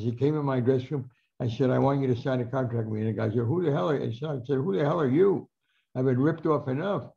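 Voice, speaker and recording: Gravelly older man telling stories. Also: medium pitch. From New Jersey. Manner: animated anecdotal storyteller, acts out quoted lines. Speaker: guest speaker. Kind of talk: storytelling talk. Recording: muffled lo-fi recording.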